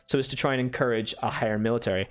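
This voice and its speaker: A man's voice: mid-range voice, fairly even intonation, rapid-fire, a bit bright. A man giving casual commentary as he plays a strategy game on a stream, explaining his moves, answering viewer chat and tossing in playful asides.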